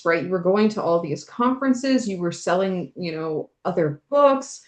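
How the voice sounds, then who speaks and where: A woman's voice: mid-range voice, lively intonation, a little fast, few pauses, roomy sound. A woman co-hosting a podcast, speaking in a reassuring, reflective way with frequent fillers. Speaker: podcast co-host. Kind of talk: casual chat.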